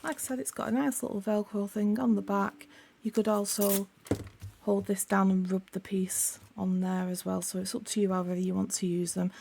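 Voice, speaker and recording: A woman with a sore, croaky throat, chatting casually as she unboxes craft supplies for her channel, rambling and correcting herself as she goes. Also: medium pitch, little pitch movement, moderate pace, a little mellow, a little hiss or hum.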